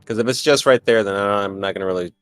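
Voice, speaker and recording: Rambling male player, lowish voice, dry close sound. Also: very fast, clean tone, no room sound, faint music behind. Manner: rambling, hesitant with many fillers. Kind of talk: casual tabletop game chat.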